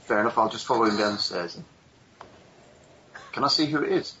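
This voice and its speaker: A man's voice: lowish voice, brisk, sharp tone. A man playing a tabletop game, jokey and asking lots of questions. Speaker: player. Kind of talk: casual tabletop play. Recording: dull lo-fi recording with faint hiss.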